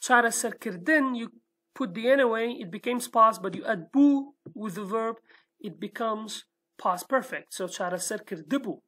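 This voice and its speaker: A woman's voice: a little high, measured pace, a bit bright. A woman with a Kurdish accent and Kurdish as her first language, teaching a language lesson patiently step by step and often checking with "okay?". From Iraqi Kurdistan, Sulaymaniyah.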